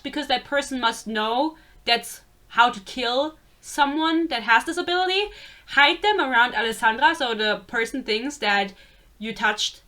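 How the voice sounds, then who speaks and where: Brief: bright-voiced young woman, sarcastic and chatty, casual book review rant. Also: fairly high pitch. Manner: sarcastic, swears freely, chatty.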